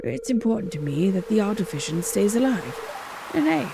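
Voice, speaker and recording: A woman voicing a friendly, folksy old male fisherman in a farming game, loud and homespun. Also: mid-range voice, big pitch swings, fairly quick, gravelly, background noise. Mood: hearty.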